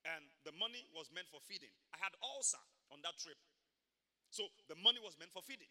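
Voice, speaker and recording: High-voiced, bright preaching man. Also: lively intonation, a little fast, big-room sound. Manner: emphatic storytelling preacher with sudden loud bursts. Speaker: pastor. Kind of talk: sermon. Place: church service.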